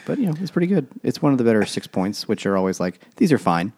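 A man's voice: medium pitch, very animated, very fast, warm tone. A man co-hosting a podcast, chatting casually with dry, wry asides. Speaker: podcast co-host. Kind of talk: casual chat.

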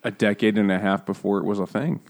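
Laughing low-voiced man joking about a book. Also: quick pace. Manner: jokey, laughing often, animated quoting of characters. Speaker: podcast co-host. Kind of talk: casual book discussion.

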